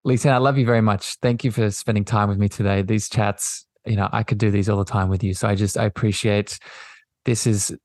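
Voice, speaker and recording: A man hosting a podcast, talking in a gentle, affirming way and often circling back over his words. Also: lowish voice, fairly even intonation, brisk, no room sound, clean studio sound. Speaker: podcast host. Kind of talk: reflective spiritual conversation.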